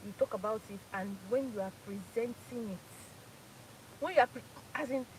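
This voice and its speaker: A woman's voice: fairly high pitch, moderate pace, background noise. A Nigerian woman in her thirties from Port Harcourt, hosting a casual live chat, laughing often and repeating phrases for emphasis. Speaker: live stream host.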